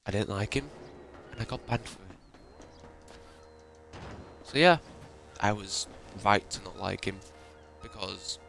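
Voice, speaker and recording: A man's voice: fairly low pitch, vocal fry. A man ranting in an upset, emotional way and swearing often, as a YouTuber talking to his viewers. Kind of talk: ranting monologue.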